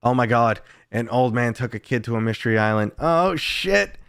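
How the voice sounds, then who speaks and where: Casual man streamer with a smooth voice. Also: mid-range voice, level tone, fast, dry recording, clean studio sound. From United States. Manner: casual storytelling, swearing, reading chat. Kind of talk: casual live stream chat.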